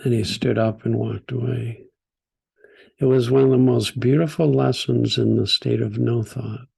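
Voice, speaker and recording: An older man speaks with a deeply gravelly, husky voice. He tells stories to a group in a gentle, unhurried way. His pitch sits in the middle. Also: steady tone. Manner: gentle, unhurried storytelling with soft laughs. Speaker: teacher. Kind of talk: storytelling talk.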